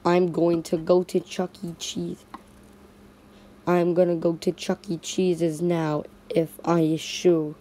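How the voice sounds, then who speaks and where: A woman's voice: fairly low pitch, little pitch movement, slow, warm tone. A woman narrating a playful toy stop-motion story in repetitive, sing-song toy voices.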